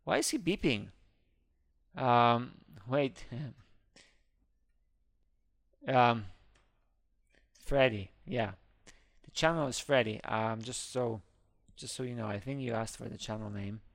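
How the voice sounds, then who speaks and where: A man hosting a gaming video, chattering excitedly through live gameplay commentary with small slips in his English. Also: mid-range voice, slow pace, pauses often, dry recording, clean studio sound. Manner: excitable, narrates his own actions, squeals when scared.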